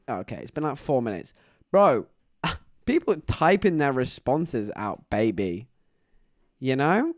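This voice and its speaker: A man's voice: a little high, no room sound, studio quality. A man chatting casually on a live stream, rambling through stories and laughing often. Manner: rambling, animated storytelling with frequent laughs.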